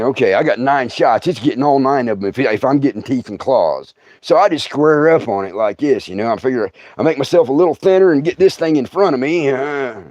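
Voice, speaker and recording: A middle-aged man telling a story in a casual, drawling way, often dropping to a hush and acting out the sounds. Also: mid-range voice, dry recording. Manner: drawling, hushed, acts out sounds. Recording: dull lo-fi dry sound.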